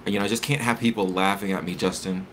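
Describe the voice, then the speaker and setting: A man's voice: low-pitched, fairly even intonation, fast, a bit bright, slight background noise. A man hosting a casual live stream, chatting with viewers and reading articles aloud with stumbles and self-corrections.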